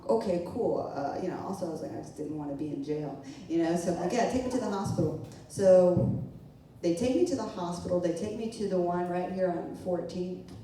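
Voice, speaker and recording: A woman's voice: lowish voice, a little fast, dark tone, slight background noise. Woman telling a story in an echoey room. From not from New York. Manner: casual, laughs through her own story. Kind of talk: live storytelling to an audience. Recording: roomy echo, mic from a distance.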